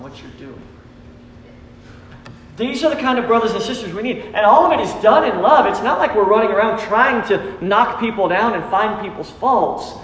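A man with a high, somewhat bright voice preaches as pastor in a church sanctuary. His earnest, repetitive sermon calls on the congregation to respond, and the recording has roomy hall reverb.

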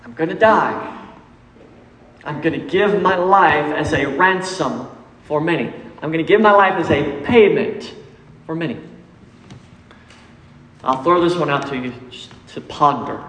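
A man's voice: fairly high pitch, animated, measured pace, pauses often, fairly bright tone, echoey room, big-room sound, low-quality recording. A man preaching a sermon in church, emphatic and repetitive, quizzing his congregation as he goes. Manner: emphatic, repeats key points and quizzes the congregation. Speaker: pastor. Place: church sanctuary.

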